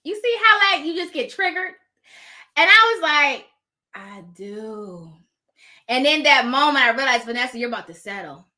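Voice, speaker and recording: A woman telling a personal story in casual style, animated, laughing often and acting out the dialogue. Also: high voice, measured pace, pauses often. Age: adult with children.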